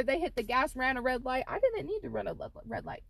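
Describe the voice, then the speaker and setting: Fast and creaky, with few pauses, this woman's somewhat high voice comes through a dry recording. She's co-hosting a casual podcast, telling a profanity-laced story and animatedly performing the quoted lines.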